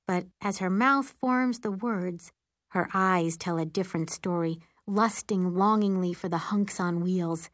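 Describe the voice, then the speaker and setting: A woman narrating as an excitable, wry teenage girl. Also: on the low side, unhurried, dry recording, studio quality. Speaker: audiobook narrator. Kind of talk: first-person audiobook narration.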